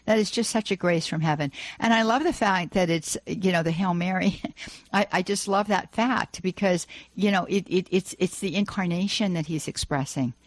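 A woman's voice: fairly low pitch, normal speed, no echo. A woman hosting a Catholic radio call-in show, gushing with praise and full of fillers and restarts. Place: radio studio.

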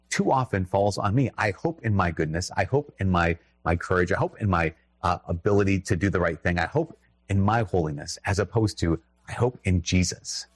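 A man's voice: sits low, husky, dry recording. A man with a Minnesotan accent giving a conversational, emphatic sermon, breaking off into restarts and little laughs.

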